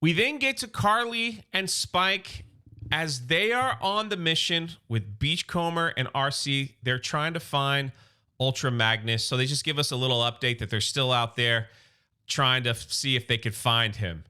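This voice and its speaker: A man's voice: medium pitch, measured pace, bright, forceful tone, clear, resonant tone. A man casually recapping a comic story as an enthusiastic fan, loose and chatty with some restarts. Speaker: comic book YouTuber.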